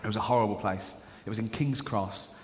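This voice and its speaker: A man's voice: fairly low pitch, fairly quick, slight background noise. A man doing a stand-up routine, telling stories in a chatty way and slipping into other people's voices. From England. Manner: conversational storytelling, acts out characters. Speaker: stand-up comedian. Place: large theatre on stage. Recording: live theatre reverb, faint crowd ambience.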